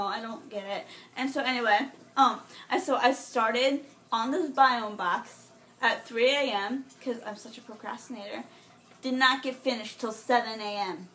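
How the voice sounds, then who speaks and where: Teen girl vlogger, chatty and dramatic, slightly high voice, faint room hiss. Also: normal speed. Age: teens. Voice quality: bubbly, rambling with many restarts and fillers. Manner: dramatic, self-mocking, mimics voices high and loud. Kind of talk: casual storytelling to camera.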